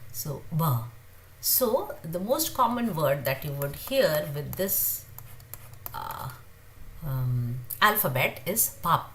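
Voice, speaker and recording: A woman teaching a beginner pronunciation lesson, repeating each sound slowly many times with frequent hesitations. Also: low voice, big pitch swings, a bit bright. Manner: halting, with frequent uh fillers. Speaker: language teacher.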